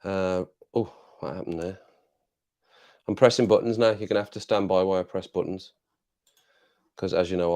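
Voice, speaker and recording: A chatty English man hosts a casual live chat from his desk at home, talking over his clip-on mic. His voice sits on the low side, and he rambles from joke to aside, laughing as he goes. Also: fairly even intonation, moderate pace, long pauses, darkish tone. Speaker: livestream host.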